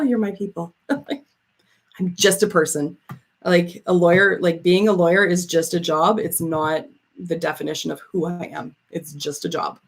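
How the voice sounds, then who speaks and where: A woman in her thirties with a slightly low voice, chatting with her live viewers. She swears freely, laughs a lot and reads out their comments as she goes. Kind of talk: casual livestream chat.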